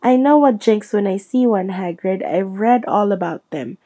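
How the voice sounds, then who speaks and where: A woman plays a clever schoolgirl, sharp and sure of herself, who presses her point emphatically like a know-it-all. Her voice sits at a middle pitch. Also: normal speed, close to an everyday voice. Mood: emphatic.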